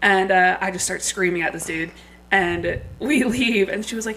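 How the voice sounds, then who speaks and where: Woman in her late 20s, podcast guest, outspoken, casual chat, mid-pitched voice. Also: fairly even intonation, fast, bright, forceful tone, a little hiss or hum, poor audio. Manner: frank, laughs easily.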